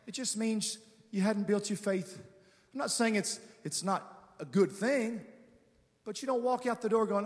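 A man preaching a guest sermon, calling on the congregation to respond, moving between quiet conversational asides and shouted, drawn-out declarations. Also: high voice, lively intonation. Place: large church sanctuary with reverb. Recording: long church hall reverb.

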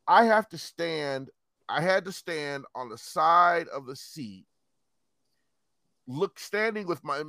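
Animated, profane male storyteller. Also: a little high, no room sound, clean studio sound. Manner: animated, profane, acts out quotes. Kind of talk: casual storytelling chat.

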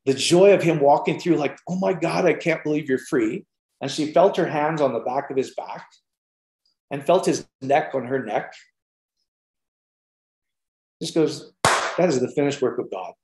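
A man preaching an informal sermon, telling stories in an animated way with lots of fillers. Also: mid-range voice, unhurried, long pauses. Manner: animated storytelling with many fillers. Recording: roomy echo.

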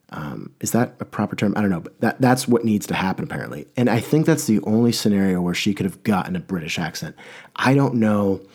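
Young male podcast host with a fairly low voice. Loose, rambling solo delivery that pokes fun at himself. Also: a little mellow. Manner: rambling, self-mocking, with many restarts. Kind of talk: casual solo podcast monologue.

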